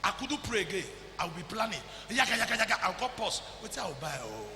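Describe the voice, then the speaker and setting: A man preaching a sermon as pastor, loud and emphatic, often shouting and slipping into Pidgin. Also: high-pitched, very animated, fast, roomy sound, big-room sound, a little hiss or hum, rough recording. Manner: preaching loudly with frequent shouts and Pidgin asides.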